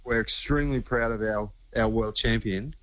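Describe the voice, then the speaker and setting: Deep-ish Australian man, upbeat and proud. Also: normal speed, a bit bright, rough recording. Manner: upbeat, civic pride.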